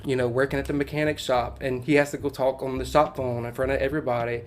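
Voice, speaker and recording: A man with a Cajun accent, a podcast guest telling a personal story in a lively, casual way, laughing as he goes and using Southern turns of phrase. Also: mid-range voice, quick pace, a little hiss or hum. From Louisiana bayou country.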